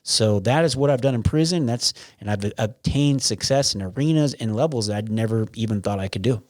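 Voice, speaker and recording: A man's voice: medium pitch, fairly quick, a little mellow, no echo, clean studio sound. A man talking as a podcast guest, blunt and frank, with lots of restarts and some swearing. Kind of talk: casual interview.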